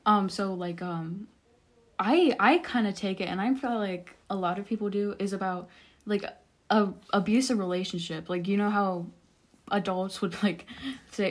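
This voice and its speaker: A young woman co-hosting a casual podcast chat, with a mid-pitched voice. She talks hesitantly, piling up fillers and pauses. She often drifts off before finishing a thought. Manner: hesitant, full of likes and ums, trails off. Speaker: podcast co-host.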